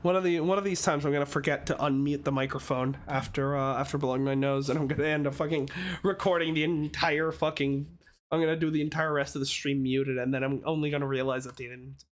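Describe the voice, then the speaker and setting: A woman's voice: deep voice, little pitch movement, fast talker. A woman streamer giving casual, laughing, profane commentary while playing a story game.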